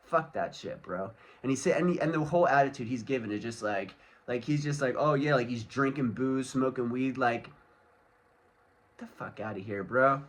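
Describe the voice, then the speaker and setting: A vlogger with a mid-range voice rants angrily to camera at a moderate pace in a casual solo video. He swears constantly and rambles loosely, with many fillers.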